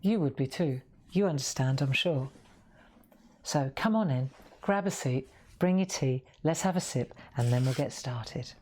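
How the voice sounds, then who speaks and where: A woman's voice: very deep voice, expressive, measured pace, darkish tone. A woman hosting a live colouring tutorial from her craft room, chatty and demonstrative, talking into a lapel mic. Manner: chatty, demonstrative, laughs at herself. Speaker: crafting livestream host.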